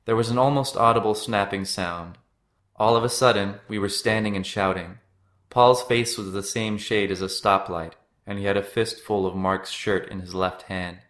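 A man reading his own written personal story aloud in a steady storytelling manner. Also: fairly low pitch, moderate pace.

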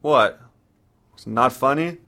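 A man's voice: mid-range voice, slow pace, sharp tone, pitched above the performer's own voice. A man voicing a nervous, joking middle-aged father talking on the phone. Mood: chatty.

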